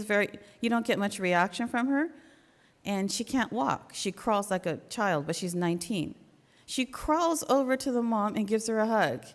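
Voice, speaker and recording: A middle-aged woman giving an earnest, conversational faith talk at a church memorial service. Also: on the high side. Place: church hall. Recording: long hall reverb.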